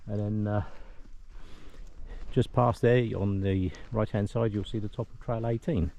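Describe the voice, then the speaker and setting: A man's voice: on the low side, steady tone, a little slow, gravelly, mellow, highs cut off. A man filming himself outdoors on a mountain trail, chatting casually as he walks and gives directions. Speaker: trail volunteer vlogger. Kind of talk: casual walking narration. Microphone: handheld camera, filming while walking.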